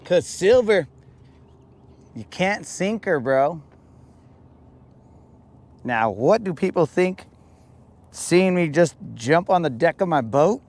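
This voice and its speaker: A man's voice: on the high side, animated, slow, pauses often, darkish tone. A young adult man hosting a podcast, chatting casually and jokingly in heavy slang, calling everyone bro and dog. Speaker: podcast host. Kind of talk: casual chat.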